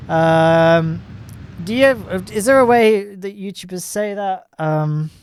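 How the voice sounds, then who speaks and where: A gaming YouTuber with a high, animated voice talks a little slowly over gameplay footage, offering jokey, self-deprecating commentary and chuckling often. A slight hiss or hum sits in the recording.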